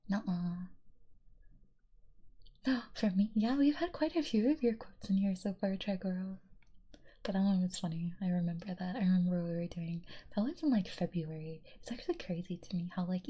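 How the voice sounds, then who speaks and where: A young woman streamer reading chat aloud in a soft, giggly whisper, in a whispered role-play style. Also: fairly low pitch, slightly rough.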